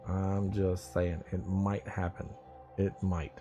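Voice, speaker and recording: On a loose morning livestream, a host speaks directly to his viewers, rambling, teasing his regulars and swearing casually. His low voice is mellow and warm, slow, with little pitch movement. Faint music plays in the background.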